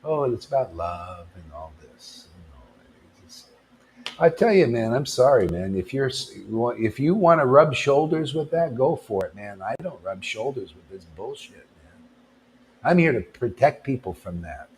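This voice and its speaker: A man's voice: medium pitch, slight background noise. A man preaching informally to a devotional gathering, blunt and confrontational, throwing out rhetorical questions and calling his listeners "man". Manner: rhetorical questions, mocking asides.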